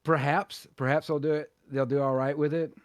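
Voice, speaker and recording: A man's voice: on the high side, flat delivery, fairly quick, clean tone, dry recording, clean studio sound. A man co-hosting a podcast in casual chat, rambling with frequent restarts and easy laughter. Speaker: podcast co-host.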